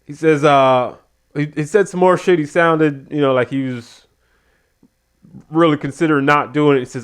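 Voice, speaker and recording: Man recapping a wrestling show, smooth voice. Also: fairly high pitch, moderate pace. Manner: animated retelling, acts out quotes. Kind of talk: casual spoken review.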